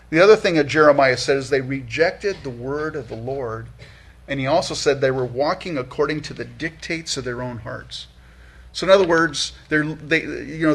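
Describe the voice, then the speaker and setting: A pastor with a slightly high, somewhat bright, husky voice delivers an earnest, conversational sermon. He restarts often and repeats himself while working toward his point, lifting his voice for emphasis.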